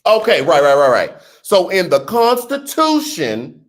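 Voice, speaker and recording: A middle-aged man with a New Orleans accent, talking casually to camera about politics, with lively rhetorical questions and teasing asides. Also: high voice, unhurried. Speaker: political commentary vlogger. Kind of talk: casual explainer vlog.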